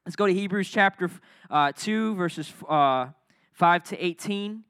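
A young man preaching to a youth crowd, his voice high and bright as he jokes around and gets the room to answer back. The sound is close and dry, with little room around it. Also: unhurried, smooth, no room sound. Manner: energetic, joking, talks with the crowd. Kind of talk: casual youth sermon.

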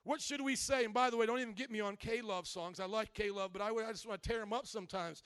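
A married man preaching a sermon, animated, swinging from quiet reasoning to loud shouting and playful mock voices. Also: sits high, quick pace, few pauses, clear, resonant tone, no room sound. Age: adult, married. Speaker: pastor.

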